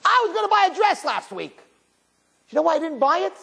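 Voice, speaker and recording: A man voicing a hysterical middle-aged mother who shrieks melodramatically, in a shrill near-falsetto. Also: very animated, slow pace, creaky, a little mellow, full character voice. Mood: indignant. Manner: melodramatic, catastrophizing rant.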